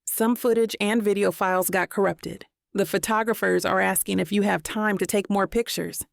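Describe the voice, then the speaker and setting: A woman's voice: mid-range voice, fairly even intonation, normal speed, creaky, dry recording, clean studio sound, lightly acted. A woman voicing a teasing young woman who works as an event planner. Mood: earnest. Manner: teasing, sly.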